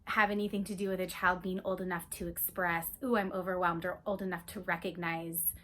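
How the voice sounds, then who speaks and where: A woman giving gentle, unhurried advice on calming young children, in a casual talk to camera, sometimes dropping to a near-whisper. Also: on the low side.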